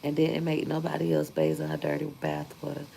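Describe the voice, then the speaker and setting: Gravelly low-voiced woman, candid vlog storytelling. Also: very animated, brisk, warm tone, a little hiss or hum, low-quality recording. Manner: candid, emphatic, repeats points for force. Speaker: vlogger. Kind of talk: casual storytelling to viewers.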